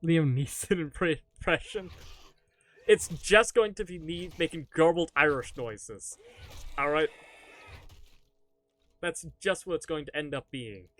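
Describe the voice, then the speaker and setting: A man's voice: fairly high pitch, measured pace, pauses often, a bit bright. A man chatting casually to his live-stream audience while gaming, rambling, joking and swearing offhandedly.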